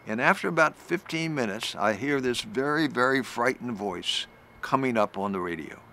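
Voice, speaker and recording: An older man, a retired general, giving a recorded talk and telling a vivid story, restarting phrases as he goes and rising in pitch at the tense moments. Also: lively intonation, moderate pace, creaky, sharp tone.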